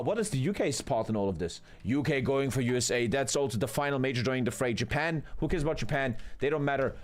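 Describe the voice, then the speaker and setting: Excitable, profane young male game caster. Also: high-pitched, slight background noise. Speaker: streamer casting a multiplayer strategy game. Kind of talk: live game commentary.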